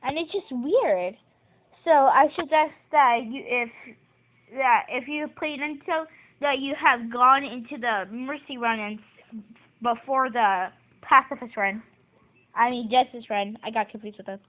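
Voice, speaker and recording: A woman vlogger chatting casually and excitedly about a video game, rambling with restarts. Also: a little high, a little slow. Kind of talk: casual gaming chat. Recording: tinny phone-like audio with loud game music.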